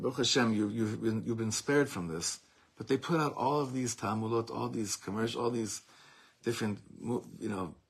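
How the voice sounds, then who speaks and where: A man's voice: medium pitch, fairly bright tone, slightly rough. A man teaching a Torah lesson as a rabbi, speaking with passion and emphasis, repeating phrases for force and mixing Hebrew terms into his English.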